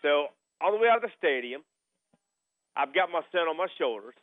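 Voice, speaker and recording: A man's voice: fairly high pitch, very animated, brisk, no echo. A middle-aged man hosting a sports radio show, telling a story in a casual chat and repeating himself as he goes. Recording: phone-like radio broadcast sound.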